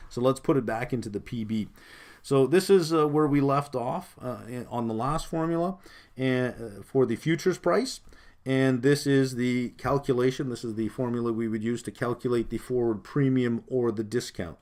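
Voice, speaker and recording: A man's voice: mid-range voice, darkish tone. A man giving a recorded finance exam-prep lecture, explaining step by step with many fillers and rhetorical questions. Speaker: finance instructor.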